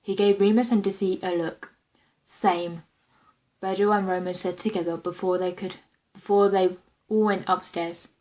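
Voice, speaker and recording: A woman's voice: mid-range voice, fairly even intonation, normal speed, a little mellow, low-quality recording. A woman reading her own fan story script aloud in a plain, unpolished way, with small slips and restarts.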